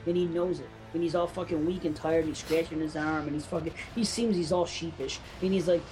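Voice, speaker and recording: A woman's voice: low voice, fairly even intonation, fairly quick, music in the background, poor audio. A woman in casual podcast chat about a film, blunt and swearing heavily as she explains her take. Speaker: podcast co-host.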